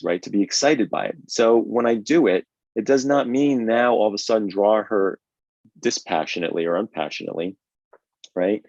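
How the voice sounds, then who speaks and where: A man's voice: on the low side, normal speed, darkish tone, no room sound. A man hosting a live drawing lesson, talking energetically and conversationally, often checking in with "right?". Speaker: drawing instructor and host. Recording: dull, lo-fi, dry stream audio.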